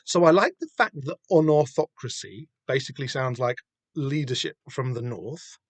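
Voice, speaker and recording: This podcast host has a mid-range, expressive voice and talks at normal speed. He rambles casually through a comic read-through, full of fillers and false starts. There's no room sound.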